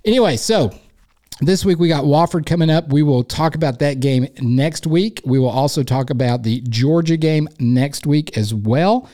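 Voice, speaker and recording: A man's voice: a little high, normal speed, mellow. A man with an East Tennessee accent hosting a sports podcast alone, rambling in a casual, jokey, self-deprecating way. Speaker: podcast host.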